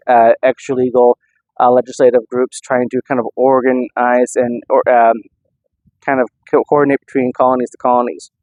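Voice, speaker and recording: Male history vlogger, casual rambling explainer, dry close audio, mid pitch. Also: a little mellow, dry recording, low-quality recording. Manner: loose, rambling delivery with many restarts. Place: inside an old church.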